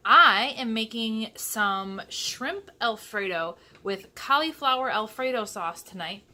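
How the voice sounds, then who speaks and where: Bright, chatty young woman vlogger. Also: a little high, expressive, slow, a little hiss or hum. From Michigan. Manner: chatty, sassy asides. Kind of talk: casual cooking vlog. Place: home kitchen.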